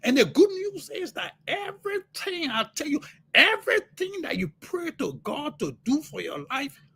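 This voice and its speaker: A man preaching on a livestream as a motivational speaker, fervent, repeating words and bursting into shouts. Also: very high-pitched, big pitch swings, moderate pace.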